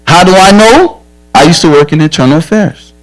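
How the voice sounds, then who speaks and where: A police officer speaking plainly and earnestly to a group of young campers, mixing blunt advice with stories from his own life. His voice sits a little higher than most men's. He talks directly and frankly, driving each point home. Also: lively intonation, fairly quick, low-quality recording. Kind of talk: safety talk to children at a church camp.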